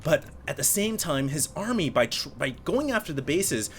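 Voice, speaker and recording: A man casting a video game replay on his own, energetic play-by-play with excited bursts at big plays and chatty asides to his viewers. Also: a little high, moderate pace, a little hiss or hum. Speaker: esports caster.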